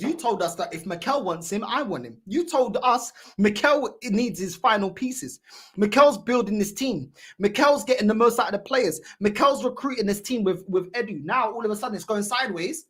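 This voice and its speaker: A woman's voice: fairly high pitch, lively intonation, fairly quick, slightly rough. A woman hosting a fan channel, giving mocking, heated reaction commentary and repeating her points.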